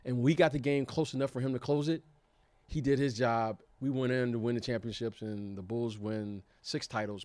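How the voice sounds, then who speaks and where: A man in his fifties tells his stories with animated energy. He often stumbles over and repeats words as he builds up to the point. He slips into quoted voices along the way. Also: medium pitch, no echo. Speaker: former pro basketball player, guest. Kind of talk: casual storytelling.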